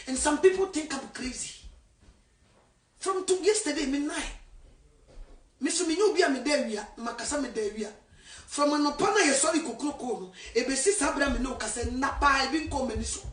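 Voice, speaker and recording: A woman evangelist from Ghana, preaching fervently and swinging between shouting and a hush. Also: high-pitched, lively intonation, fairly quick, far from the mic. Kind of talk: impassioned sermon. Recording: echoey room, voice from afar.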